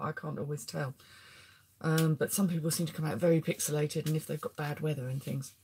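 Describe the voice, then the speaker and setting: A woman's voice: deep voice, vocal fry, darkish tone, slightly rough. A middle-aged woman from England, chatting casually on a live stream as she shows off her resale finds and answers viewer comments. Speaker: resale haul vlogger. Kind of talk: casual live-stream chat, showing items.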